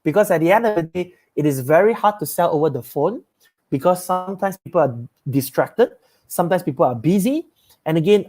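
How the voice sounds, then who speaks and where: A man's voice: fairly high pitch, a little mellow. Upbeat man coaching sales. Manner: upbeat, emphatic, repeats key phrases. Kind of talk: live-streamed sales training talk.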